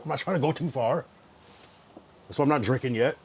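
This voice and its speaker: Annoyed young guy venting at his stream chat, cusses a lot, mid pitch. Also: fairly quick, slight background noise. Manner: irritated, ranting at chat, heavy swearing. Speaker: livestreamer. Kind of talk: casual livestream chat.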